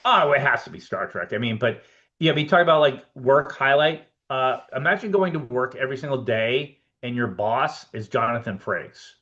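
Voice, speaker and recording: A man, a production designer guest on a podcast, telling animated anecdotes and acting out both sides of his conversations. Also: medium pitch, lo-fi sound. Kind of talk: casual storytelling interview.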